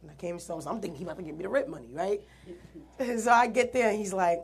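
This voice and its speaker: A woman's voice: medium pitch, quick pace. A woman earnestly telling her own story in an interview, acting out the quoted dialogue with animation. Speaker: guest artist.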